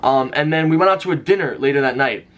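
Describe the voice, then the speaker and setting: A young man vlogger telling a story to camera in a casual, animated way. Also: mid-range voice. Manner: fast, animated storytelling with shouted name calls.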